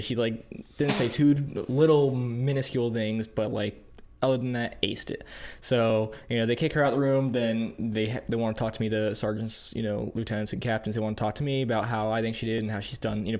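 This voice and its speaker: A young man co-hosting a podcast, telling a story in casual chat, animated and quick to laugh as he acts out quotes. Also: mid-range voice. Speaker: podcast co-host, police field training officer.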